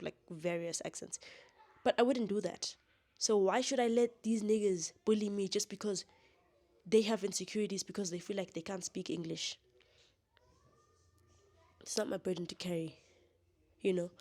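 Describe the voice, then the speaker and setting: Young woman, vlogger, candid monologue, blunt, defiant, laughs often, warm voice, medium pitch. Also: a little fast.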